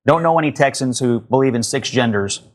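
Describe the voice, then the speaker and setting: A man's voice: medium pitch, brisk. A man commenting on a TV panel, emphatic and mocking. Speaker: TV political commentator.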